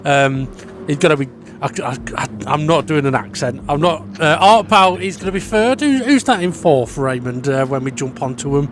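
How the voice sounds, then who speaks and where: A man calling a virtual race with a fairly high voice. He talks loosely, stumbling and filling gaps with ums. Faint noise hums under the recording. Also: animated, normal speed. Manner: chatty, filler-heavy, stumbling. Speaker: race commentator. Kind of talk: sim racing commentary.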